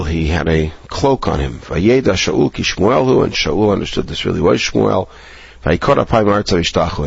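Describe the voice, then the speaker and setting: Deep gravelly male teacher reading scripture. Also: no room sound. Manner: reads the Hebrew then explains it, lifting pitch for quoted speech. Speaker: Bible teacher. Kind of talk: text study lesson, reading and translating verse by verse. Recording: dull, lo-fi recording.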